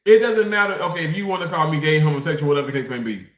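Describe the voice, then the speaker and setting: A man's voice: a little high, lively intonation, very fast, reverberant. A man from Mississippi, chatting casually on a livestream, rambling, laughing and reading comments while he eats. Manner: rambling, laughs often, reads out chat comments. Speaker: livestream host reading chat.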